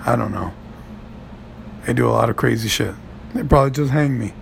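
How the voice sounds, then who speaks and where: A man in a profane stand-up style rant, gravelly, animated, swinging from low mutters to high shouts. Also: a little fast, slight background noise.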